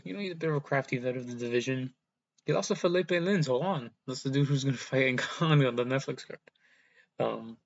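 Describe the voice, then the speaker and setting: A man's voice: mid-range voice, lo-fi sound. A young man casually rambling through fight predictions, often correcting himself and swearing offhand. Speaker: MMA predictions YouTuber. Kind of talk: casual fight breakdown monologue.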